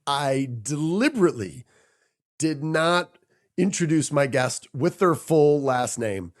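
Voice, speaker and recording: Male podcast host, slightly high voice, punchy and playful delivery. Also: lively intonation, slow. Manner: playful, emphatic, repeats for effect. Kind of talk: energetic podcast intro and interview.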